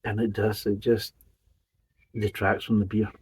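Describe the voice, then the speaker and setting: A man's voice: lowish voice, little pitch movement, measured pace, darkish tone, breathy edge, rough recording. A man giving a casual, methodical beer review, describing each flavour in detail. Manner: methodical, detailed tasting commentary.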